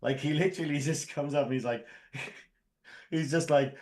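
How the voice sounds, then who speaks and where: A man's voice: fairly high pitch, normal speed, pauses often, darkish tone. A man co-hosting a casual comedic review podcast, joking and laughing over a video call. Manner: playful, laughing, slips into mock voices. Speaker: podcast co-host.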